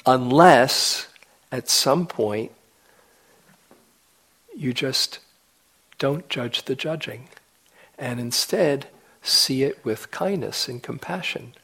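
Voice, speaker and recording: A male meditation teacher giving a talk at a retreat, his voice at an ordinary middle pitch. He speaks very slowly and tenderly, easing into quiet, whispered moments. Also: gravelly, husky, poor audio. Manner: gentle, unhurried, with soft whispered asides. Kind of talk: dharma talk.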